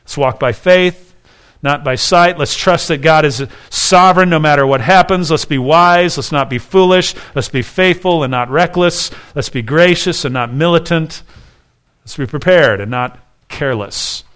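A man's voice: fairly high pitch, moderate pace, fairly bright tone, clear, resonant tone. A man preaching a sermon as pastor, earnest and conversational, often restarting his phrases.

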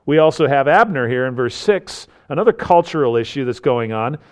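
A man teaching through a Bible passage, explaining its culture and acting out the quoted lines with rising emphasis. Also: brisk. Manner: animated, acts out quoted lines with rising pitch and force. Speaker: preacher.

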